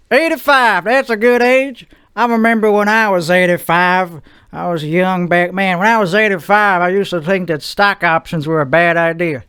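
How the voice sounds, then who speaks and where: A man hosting his own podcast, rambling through a comic monologue in a slow, drawling put-on voice. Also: high-pitched, a bit bright, clear, resonant tone, no room sound, studio quality. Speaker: podcast host.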